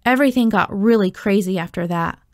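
A woman reading a children's novel aloud, telling the story in a steady, expressive way. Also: medium pitch, fairly quick, dry recording, studio quality. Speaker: audiobook reader.

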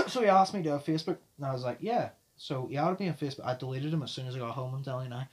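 Fast-talking, swearing male podcast host. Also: mid-range voice. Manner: fast, loud talker who swears often. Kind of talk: casual storytelling chat.

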